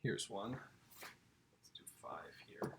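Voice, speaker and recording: A man's voice: lowish voice, big pitch swings, extremely slow, vocal fry, noisy background. A man teaching a casual lesson, talking straight to the kids and their parents with eager enthusiasm. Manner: enthusiastic, chatty, addresses the kids directly. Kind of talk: informal home-school lesson.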